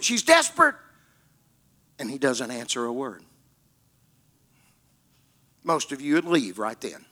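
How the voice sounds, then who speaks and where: A man's voice: mid-range voice, wildly swooping pitch, takes it slowly, long pauses, pushed and bright. A man preaching a sermon, retelling scripture stories dramatically and repeating key words for emphasis.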